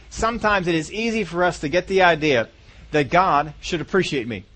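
A man's voice: a little high, brisk, a bit bright. A male pastor preaching a sermon in a conversational, folksy way, often asking his congregation questions.

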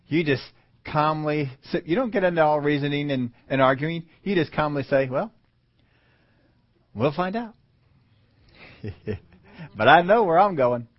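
A man's voice: a little high, dry recording. Male preacher, casual sermon delivery with laughs and emphatic swells, lo-fi recording. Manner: conversational, chuckling, rising to emphatic peaks.

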